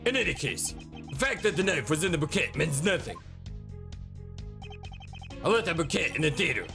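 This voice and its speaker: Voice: medium pitch, very animated, moderate pace, gravelly, music in the background. A player putting on a haughty foreign ambassador. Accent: put-on foreign accent. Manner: haughty, dismissive. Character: arrogant foreign male ambassador under suspicion.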